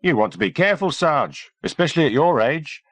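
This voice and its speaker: A man's voice: a little high, animated, fairly quick, gravelly, fairly bright tone, no room sound, pitched above the performer's own voice, exaggerated voice. A man voicing a cheeky, good-humoured young soldier teasing his sergeant.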